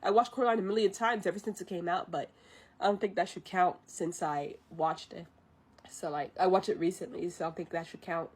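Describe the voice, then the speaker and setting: Animated chatty woman streamer retelling a movie from memory, laughs a lot. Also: lowish voice, fairly quick, husky. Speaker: vtuber streamer.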